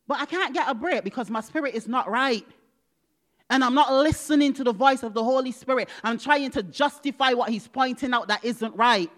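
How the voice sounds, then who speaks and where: A woman preaching a personal testimony, dramatic, moving from loud exclamations to hushed whispers and acting out dialogue. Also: fairly high pitch, a little fast. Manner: acts out quoted dialogue with God.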